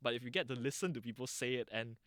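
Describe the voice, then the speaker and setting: A man's voice: medium pitch, fast talker, a bit bright, dry recording, clean studio sound. Thoughtful Singaporean man explaining things. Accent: Singaporean English. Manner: thoughtful, many restarts and fillers, lecturing tone. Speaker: interviewee, dialect channel founder. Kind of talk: explanatory interview answers.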